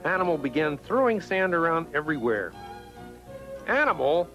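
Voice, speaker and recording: A man reads a children's storybook aloud with a high, bouncing voice that climbs and dips a lot. Soft music plays faintly under his narration. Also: normal speed, poor audio. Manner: animated, expressive storytelling. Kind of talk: scripted read-aloud narration.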